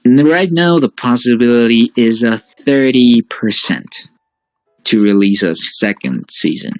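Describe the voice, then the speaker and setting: A man chatting as a guest, often pausing to restart his thoughts and hedging as he goes. His voice sits dry and close, with faint music in the background. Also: mid-range voice, animated, dry recording, poor audio. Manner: hesitant, full of fillers and restarts. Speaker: guest, fan-series creator. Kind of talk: casual interview chat.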